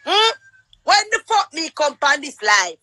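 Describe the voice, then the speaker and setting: A woman with a Jamaican accent shouting and cursing in a heated livestream quarrel. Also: high voice, very animated, no room sound. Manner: shouting, cursing, rapid-fire. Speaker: livestream guest.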